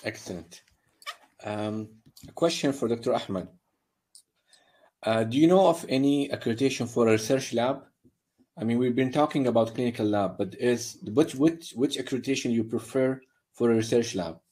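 A man's voice: medium pitch, moderate pace, mellow. Male moderator, reads audience questions, brief and polite.

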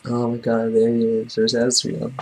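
A man's voice: mid-range voice, monotone, moderate pace. A man hosting a let's play, reacting to the game in emotional, chatty commentary. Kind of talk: casual gameplay commentary.

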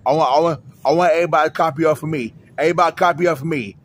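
A man talking in a halting, rambling way, restarting and repeating phrases again and again. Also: fairly high pitch, fairly even intonation, a little hiss or hum. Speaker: public access show guest. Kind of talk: rambling personal talk. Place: library center.

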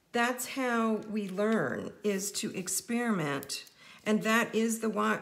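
A woman's voice: on the high side, gravelly. A middle-aged woman teaching a casual card-making tutorial, chatty and playful as she jokes with her viewers.

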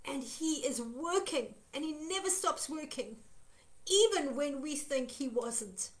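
A woman's voice: high-pitched, animated, measured pace. A woman minister giving an earnest devotional teaching, stressing her points by repeating phrases. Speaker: Christian minister.

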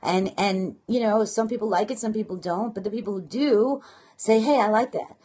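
A woman with a Brooklyn accent talking casually to viewers on a live stream, quick and chatty with lots of fillers and restarts. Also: medium pitch, mellow, slightly rough. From Brooklyn, New York. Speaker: blogging and marketing coach. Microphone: phone or webcam live stream.

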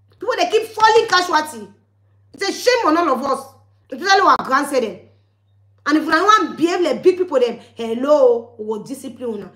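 A woman's voice: sits high, fairly bright tone, roomy sound. A woman with a West African Pidgin English accent, ranting at her viewers in a heated, scolding vlog. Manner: scolding, heated, with repeated warnings. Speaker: vlogger. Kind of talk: angry ranting monologue to viewers.

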